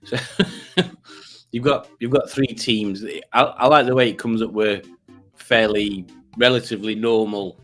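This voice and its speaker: A man's voice: on the low side, fairly even intonation, measured pace, fairly bright tone, faint music behind. Male stream host; rambling, self-mocking banter, casual and jokey. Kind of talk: casual livestream chat.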